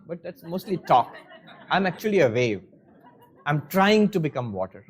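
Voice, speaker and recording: A spiritual teacher, a man, explains scripture in an easygoing lecture. His voice sits fairly high, and he talks with wry self-mockery and a stream of rhetorical questions. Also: sing-song, normal speed, a little hiss or hum.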